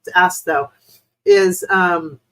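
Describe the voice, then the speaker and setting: A woman's voice: on the low side, slow, a bit bright, poor audio. A woman from the United States hosting a live stream as a spiritual reader. She answers viewers' questions in a rambling, hesitant way, with many fillers, and talks to viewers in a chatty, apologetic way.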